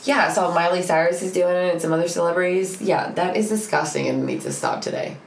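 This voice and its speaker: A woman's voice: lowish voice, very animated, fast, creaky, a little hiss or hum. A woman with an Oklahoma country accent co-hosting a podcast in casual chat at home, teasing and playful. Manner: teasing, playful, laughs often. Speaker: podcast co-host. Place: home room, man cave. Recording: echoey room.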